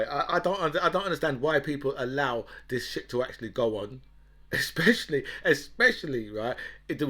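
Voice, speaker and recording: A man's voice: medium pitch, pushed and bright. A man delivering an angry, sarcastic political rant, constantly checking in with "right?" and mocking his opponents. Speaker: political commentator.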